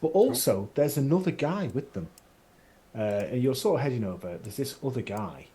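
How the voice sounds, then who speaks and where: Chatty game master, animated delivery. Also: male voice, mid-range voice, moderate pace. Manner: chatty, descriptive, many fillers. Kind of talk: narrating a tabletop game.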